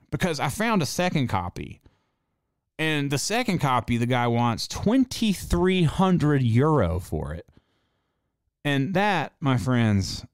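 A man who runs a tattoo shop, hosting a casual monologue and telling a story in a profane, animated way. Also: mid-range voice, no echo, studio quality. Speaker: podcast host.

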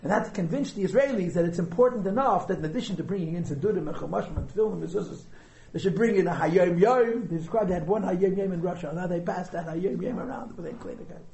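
A man's voice: high-pitched, fast talker, gravelly, few pauses, warm tone, roomy sound, poor audio. A man, teaching a class on a Chassidic discourse in a conversational lecture style and asking rhetorical questions. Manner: conversational, mixes Yiddish and Hebrew terms, asks rhetorical questions. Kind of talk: lecture on a text.

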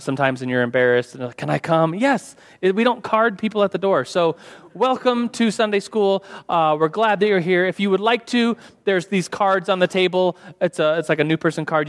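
A man's voice: on the high side, smooth. A young man teaching a church Sunday school class in a casual, chatty way, full of fillers and restarts. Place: church hall. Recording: long hall reverb.

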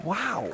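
A man in his forties, a pastor preaching a sermon to a congregation with animated storytelling, acting out the voices he quotes. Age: 40s. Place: church hall before a live congregation.

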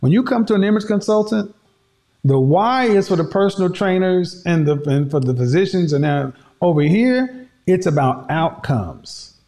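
A man with a high-sitting, mellow voice and lively intonation speaks at a moderate pace. He addresses his audience in an emphatic, preachy commentary monologue full of opinions, repeating his points for effect.

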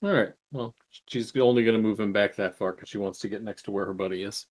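A man acting as game master, calmly narrating turns and explaining rules of a tabletop game. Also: fairly low pitch. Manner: measured, explains rules with fillers.

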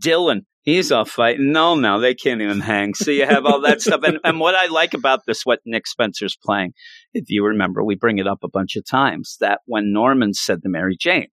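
A man's voice: medium pitch, animated, moderate pace, a bit bright, dry recording. A middle-aged man chatting casually as a comic book podcast co-host, often acting out characters' lines in a raised voice. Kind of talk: casual comic review chat.

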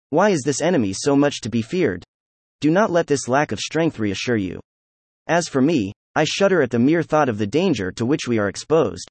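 A man reading an old children's nature book aloud as an audiobook narrator, in a steady, even storytelling manner. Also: mid-range voice, dry recording. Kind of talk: scripted narration.

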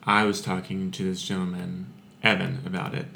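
A man who is a podcast guest, telling his story in a relaxed way with dry humor. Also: low voice, moderate pace, vocal fry, slight background noise. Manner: relaxed, dry humor, says "if you will". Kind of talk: casual storytelling.

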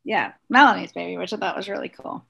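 A woman co-hosting a podcast, chiming in with quick, enthusiastic comments. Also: on the low side, vocal fry, fairly bright tone, slightly rough, dull audio. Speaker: podcast co-host. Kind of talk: casual recap chat.

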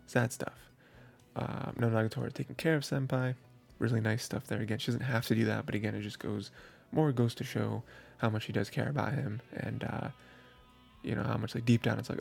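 A man's voice: medium pitch, fairly even intonation, fairly quick, gravelly, a little mellow, soft background music. A man hosting an anime review show, rambling through a casual recap with lots of fillers and laughs. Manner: rambling, filler-heavy, laughs while recounting.

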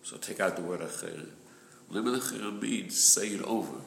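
A man's voice: lowish voice, a little fast, a bit bright. A man leading a group study of a religious text, explaining patiently and repeating the key point. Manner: patient, repetitive explaining, clears throat. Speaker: Torah study group leader. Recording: echoey room with background noise.

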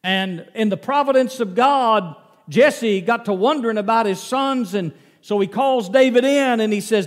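A male preacher telling a Bible story in a folksy, animated sermon. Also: extremely high pitch, normal speed. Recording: long reverb of a large hall.

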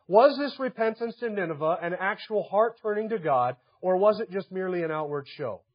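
A man preaching an earnest expository sermon as pastor, building to emphatic stress on key points. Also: high voice. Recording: dull lo-fi sermon recording.

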